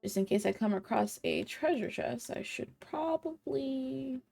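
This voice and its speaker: A woman streaming a video game, chatting casually and reading the characters' dialogue aloud with quick asides. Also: a little high, lively intonation, gravelly, a little mellow, faint music behind. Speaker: gaming streamer. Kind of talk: casual let's-play commentary.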